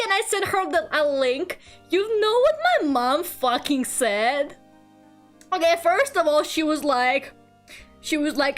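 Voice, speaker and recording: High-pitched young woman from england chatting on stream, lots of laughing, soft music behind. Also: a little slow. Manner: animated storytelling, laughs often, swears casually. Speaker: streamer and artist. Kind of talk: casual chat while drawing on stream.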